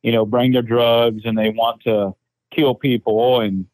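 A man from Florida, a guest in a casual chat, plain-spoken and halting with restarts. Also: medium pitch, level tone, darkish tone, no room sound, low-quality recording.

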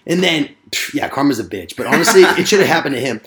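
A man tells a wild story among friends at a quick clip. He swears freely and jumps into the voices of the people in it. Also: fairly high pitch. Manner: profane, animated storyteller.

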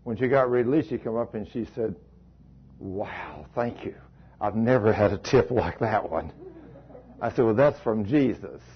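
A man's voice: on the low side, normal speed, long pauses, breathy edge. A man preaching, telling a story in a folksy, colloquial way. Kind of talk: storytelling sermon. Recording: dull lo-fi recording.

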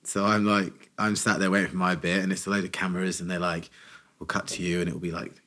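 A man co-hosting a podcast, telling a funny story in a casual, animated way and acting out quotes. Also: deep voice, quick pace. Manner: animated anecdote teller, acts out quotes.

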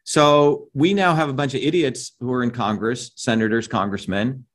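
A middle-aged man, a guest in an interview, speaks in a mid-range voice at normal speed. He's animated and opinionated, lecturing emphatically and checking in often with "right?" and "you see?".

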